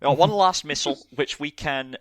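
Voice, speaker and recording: A man's voice: fairly high pitch, moderate pace, slight background noise. A man playing in a casual tabletop role-playing game, tossing out dry joking asides. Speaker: player.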